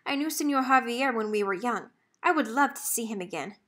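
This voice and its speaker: A humble young woman asks softly and politely in a fairly high, gentle voice, as a woman reading a storybook puts her on. She sounds modest and kind. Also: lively intonation, fairly quick. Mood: hopeful.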